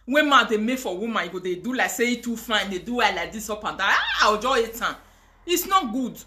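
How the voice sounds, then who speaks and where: A middle-aged Nigerian woman hosting a call-in radio chat, telling stories in an animated, laughing way. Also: fairly high pitch, brisk, noisy background. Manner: animated, storytelling with Pidgin and laughter. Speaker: talk show host.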